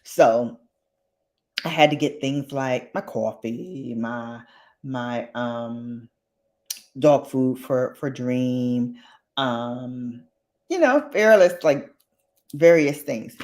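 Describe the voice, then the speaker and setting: A woman hosting a casual chat vlog, animated and slangy, with a dramatic, expressive delivery. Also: a bass voice, slow pace, long pauses. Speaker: host.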